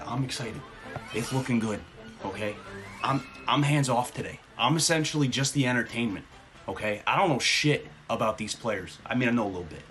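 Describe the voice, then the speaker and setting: A man hosting a live stream, excited and out of breath, thanking chat by name and swinging between loud cheers and low mutters. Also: moderate pace, pauses often, faint music behind.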